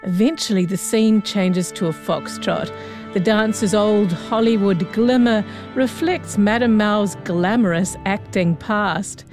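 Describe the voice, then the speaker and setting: A woman introduces a concert broadcast with scripted programme notes, her delivery smooth and measured at a mid pitch. Faint music sits underneath her voice. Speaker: radio concert presenter.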